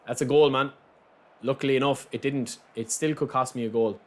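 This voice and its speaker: A man's voice: mid-range voice, fairly quick. A young Irish man commenting live on his football video game and chatting with viewers. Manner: animated, chatty, reacting to play and viewers. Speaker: game streamer.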